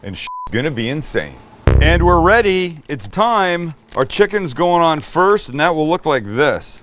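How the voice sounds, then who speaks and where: A man's voice: on the high side, big pitch swings, unhurried, highs cut off, noisy background. A man hosting a cooking show, demonstrating a recipe in an upbeat, joking way and swearing freely.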